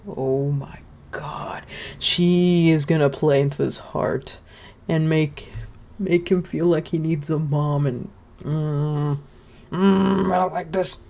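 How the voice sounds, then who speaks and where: A woman's voice: deep voice, fairly even intonation, slow, vocal fry, dark tone. A woman giving casual gameplay commentary, chatty and giggly with playful suspicion. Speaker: gaming channel host.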